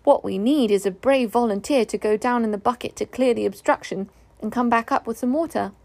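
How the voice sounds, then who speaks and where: Woman doing a sensible young boy, high and clear, slightly gravelly. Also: brisk, a little mellow. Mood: leading. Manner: sensible, decisive.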